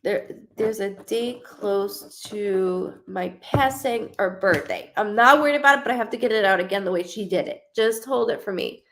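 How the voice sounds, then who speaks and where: A woman's voice: medium pitch, normal speed, hardly any pauses, slight background noise. A woman medium giving a live psychic reading, rambling and swearing, often restarting her sentences. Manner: rambling, profane, frequent restarts.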